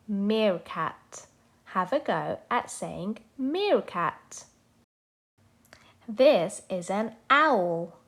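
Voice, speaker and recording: Slow, sing-song woman teaching phonics. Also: medium pitch, expressive. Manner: slow, clear and sing-song, sounding out letters for young learners. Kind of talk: children's phonics lesson.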